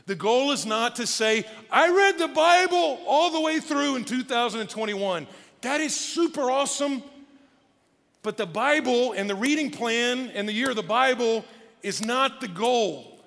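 Pastor guy preaching casual and animated, kinda high voice, big church reverb. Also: unhurried, gravelly. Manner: conversational, animated preaching with asides. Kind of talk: sermon. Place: church auditorium. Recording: long church hall reverb with faint music.

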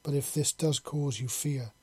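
A man doing a gentle alien woman. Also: medium pitch, steady tone, measured pace, slightly rough. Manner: soft, reassuring. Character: gentle, devoted female alien lover.

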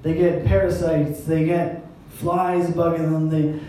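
A man's voice: fairly high pitch, flat delivery, slow pace, mellow, slight background noise. A man preaching a sermon as pastor, in a conversational style with wry, self-deprecating asides. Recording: echoey hall, mic at a distance.

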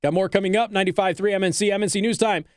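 A man's voice: high voice, steady tone, racing, no room sound, studio quality. A man hosting talk radio, giving blunt, teasing advice in an opinionated monologue. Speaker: radio talk show host. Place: radio studio.

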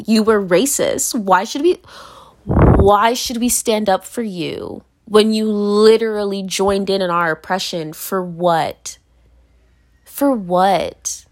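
Woman from virginia ranting to camera, blunt and sweary, repeats herself for emphasis, laughs in between. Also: medium pitch. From Virginia, United States. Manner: emphatic, often repeats phrases. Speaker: vlogger. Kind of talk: casual blunt monologue.

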